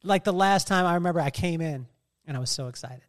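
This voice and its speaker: Speaking quickly in a slightly high voice, this man hosts a podcast in a relaxed, chatty style. He tells animated stories, laughs a lot, and does impressions of other people.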